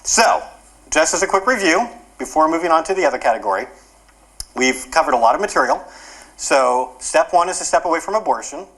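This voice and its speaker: Animated man lecturing at a workshop. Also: medium pitch, poor audio. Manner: quick, animated explaining. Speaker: workshop speaker. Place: conference workshop room.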